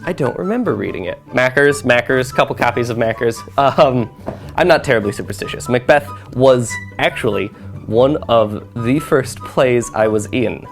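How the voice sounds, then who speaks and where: Young adult home vlogger, chatty and rambling, lively swooping delivery, faint music under it. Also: mid-range voice, normal speed. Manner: rambling, animated, chatty asides. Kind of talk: casual chat. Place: home, beside a bookcase.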